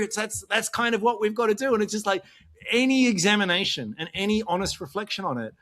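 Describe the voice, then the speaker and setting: A man's voice: sits high, quick pace, a bit bright. An Australian man talking in a casual podcast discussion, passionate and worked up, often restarting his sentences. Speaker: podcast panelist.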